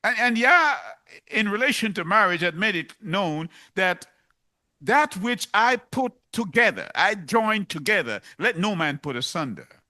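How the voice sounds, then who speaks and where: A man's voice: sits high, expressive, measured pace, pushed and bright. A man preaching a sermon, emphatic and driving points home by repeating them.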